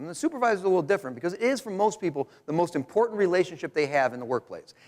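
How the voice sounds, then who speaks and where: A middle-aged man presenting research at a conference, joking and conversational, recorded in a hall. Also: a little high. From Rochester, New York. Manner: joking, animated, conversational lecturing. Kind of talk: conference talk. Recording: hall reverb.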